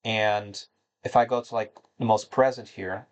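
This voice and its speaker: A man's voice: on the low side, fairly even intonation, unhurried. A man hosting a gaming channel, talking to his viewers in a rambling, somber and disappointed way, with many fillers and restarts. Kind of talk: casual monologue to viewers.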